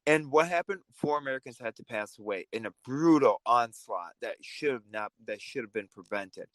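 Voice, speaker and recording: A man's voice: medium pitch, lively intonation, moderate pace, fairly bright tone, no echo. A man speaking as a podcast guest in heated political talk, angry and emphatic.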